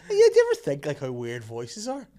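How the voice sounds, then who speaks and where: A man's voice: mid-range voice, wildly swooping pitch, fast, darkish tone. A man with a Northern Irish accent, hosting a casual comedy podcast, laughing along and setting up bits with questions. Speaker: podcast host.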